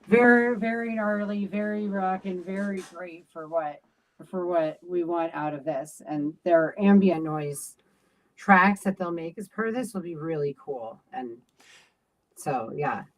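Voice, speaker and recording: A woman's voice: on the low side, measured pace, rough recording. A woman being interviewed as a game designer, talking casually with many fillers and restarts.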